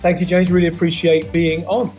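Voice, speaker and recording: A man with a London accent, a podcast guest telling his life story in an animated way, with many fillers and restarts. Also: a little high, fairly quick, faint music behind. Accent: London English. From England. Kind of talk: casual interview chat.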